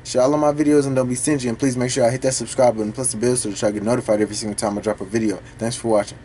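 A man recording casual reaction commentary for a video, talking back to the song in an animated, profane way. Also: medium pitch, racing, a little hiss or hum. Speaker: music reaction YouTuber.

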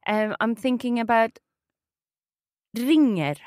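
A Swedish woman with a Swedish accent teaches her language in a close, dry recording. Her voice sits a little high and moves up and down a lot. She encourages the learner and says each word clearly. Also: lively intonation, slow, a little mellow, no echo. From Sweden. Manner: encouraging, models words clearly. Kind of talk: conversational language lesson.

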